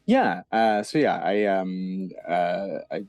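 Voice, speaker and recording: A man's voice: low-pitched, takes it slowly, a little mellow, no echo, faint music behind. A man in his thirties from the eastern United States, a guest chatting casually in an interview, hesitant with many ums and restarts.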